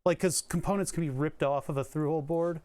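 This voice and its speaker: A man's voice: on the high side, steady tone, quick pace, a little mellow, smooth. Laughing man streaming while soldering. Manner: joking, laughs often, rambling. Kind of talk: casual live-stream chat.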